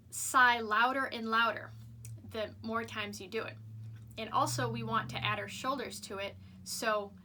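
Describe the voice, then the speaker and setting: Upbeat woman music teacher, slow and patient, real bright tone. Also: a little high. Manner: upbeat, patient, demonstrates exercises aloud. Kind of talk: teaching vocal warm-ups to kids.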